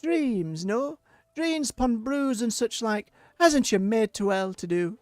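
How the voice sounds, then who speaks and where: A streamer voicing a whimsical traveling magical girl with a put-on Irish-Scottish lilt, speaking slowly and floridly. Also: mid-range voice, expressive, a little mellow, no echo, faint music behind, voice pushed up. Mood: dreamy. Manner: slow, flowery, sing-song.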